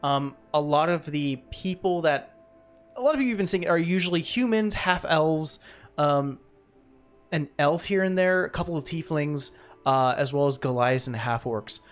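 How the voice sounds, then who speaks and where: A man's voice: a little high, normal speed, soft background music. A man narrating as game master in a tabletop game, rambling with many fillers.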